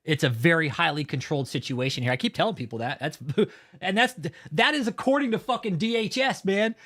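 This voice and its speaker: A man's voice: fairly high pitch, fairly quick, fairly bright tone. Profane, laughing livestream host man. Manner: profane, mocking, laughs often. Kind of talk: casual livestream chat reading viewer comments.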